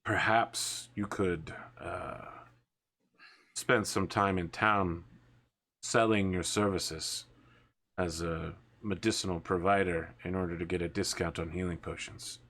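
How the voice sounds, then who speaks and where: A tiny male goblin cleric with formal, businesslike manners, as a game master puts him on. His voice sits low but rings bright and forward. He sounds calm and polite. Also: takes it slowly, full character voice. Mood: courteous.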